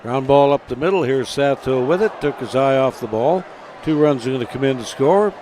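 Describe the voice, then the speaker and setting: A man calling baseball play-by-play on the radio in steady, measured calls, with scoreboard updates. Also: mid-range voice, a faint crowd, a little hiss or hum. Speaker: play-by-play announcer.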